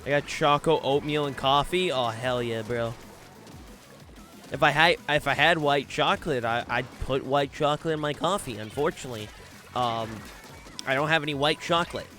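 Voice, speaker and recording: A man's voice: medium pitch, normal speed, bright, forceful tone, faint music behind. A young man streaming a game live, chatting casually with viewers in a brash, joking way and swearing a lot.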